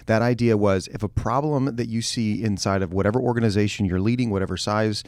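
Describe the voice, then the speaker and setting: Male pastor co-host, lower register, relaxed explainer, dry close-mic sound. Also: fast, dry recording. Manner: relaxed, talks in long explanatory runs with restarts and jokey asides. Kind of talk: casual podcast chat, explaining leadership ideas.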